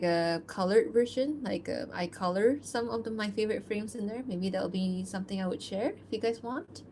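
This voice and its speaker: A woman's voice: mid-range voice, a little mellow, a little hiss or hum. A woman artist chatting casually on a livestream as she works, with a loose, rambling manner and small laughs. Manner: reads fan-fiction narration aloud. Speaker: artist streaming her work.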